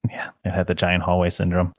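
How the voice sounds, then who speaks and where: An unimpressed man chats casually on a podcast and drawls his complaints. His voice sits very low with a gravelly fry. It is recorded dry and close. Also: monotone, brisk, dry recording. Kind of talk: casual chat.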